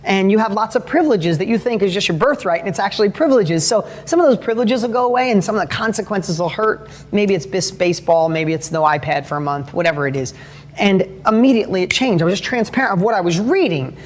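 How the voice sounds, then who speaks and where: A middle-aged man with a high-pitched voice gives an earnest motivational talk, telling family stories with frequent restarts and self-corrections. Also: animated, fast talker. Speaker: motivational speaker.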